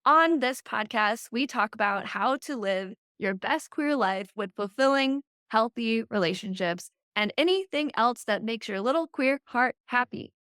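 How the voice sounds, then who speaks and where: A woman hosting a podcast as a relationship coach, chatting casually and laughing often and loudly. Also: on the high side, lively intonation, a little slow, hardly any pauses, smooth.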